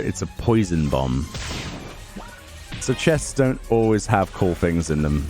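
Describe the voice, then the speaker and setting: A man chats through a game in a relaxed, sarcastic way, muttering complaints at characters on screen. His voice sits fairly low yet swings widely in pitch. Game music plays clearly underneath him. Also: a little slow, pauses often. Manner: sarcastic, grumbling asides. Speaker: gaming YouTuber. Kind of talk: casual let's play commentary.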